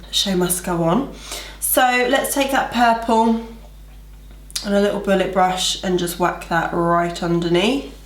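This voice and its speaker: A woman's voice: medium pitch, echoey room. A young woman chatting her way through a makeup tutorial in a bubbly, gushing manner. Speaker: makeup vlogger. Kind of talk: casual makeup tutorial narration.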